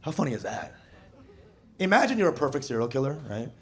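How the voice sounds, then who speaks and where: A man performing a stand-up comedy set on a club stage, joking in an animated way with a handheld mic. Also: mid-range voice, fast. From Bangladesh. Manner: animated, jokey delivery with frequent laughter. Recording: live club recording, loud crowd laughter.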